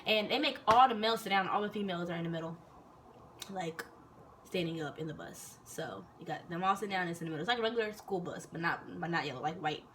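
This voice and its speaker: Fast-talking, animated young woman storyteller. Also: on the low side, slight background noise. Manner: animated, slangy, profane. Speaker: vlogger telling a personal story. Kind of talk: casual storytelling.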